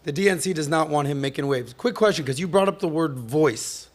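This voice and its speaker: Guy co-hosting a podcast, slightly high voice, keeps throwing out questions. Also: a little fast. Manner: questioning, prompting the others. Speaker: co-host. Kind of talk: casual podcast chat.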